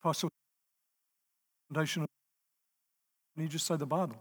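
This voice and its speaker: High-voiced preacher in an echoing hall. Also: male voice, steady tone, normal speed, slightly rough. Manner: emphatic, repeats key phrases, asks the audience if they are there. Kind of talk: sermon. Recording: long reverb of a large hall.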